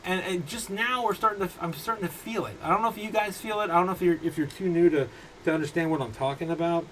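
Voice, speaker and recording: A man in his thirties hosting a casual crypto livestream from his home, rambling through viewer comments with halting restarts and frequent laughs. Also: sits high, a bit bright, a little hiss or hum, rough recording. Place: home room.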